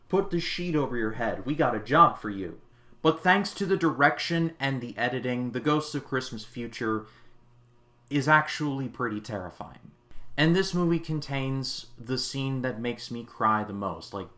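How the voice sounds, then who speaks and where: A man's voice: medium pitch, a bit bright. A young man giving a casual, earnest movie review, chatty and full of "like" fillers. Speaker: film reviewer.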